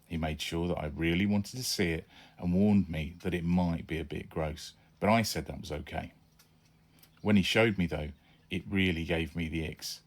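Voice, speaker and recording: Deep-voiced man reading a kids' story. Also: steady tone, normal speed. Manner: chatty, confiding, speaking as a young boy. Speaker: author reading his book. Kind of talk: first-person children's audiobook narration.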